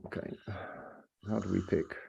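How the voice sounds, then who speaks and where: A man's voice: normal speed, warm tone, highs cut off. A man co-hosting a casual live chat, easygoing and playful in manner. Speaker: co-host.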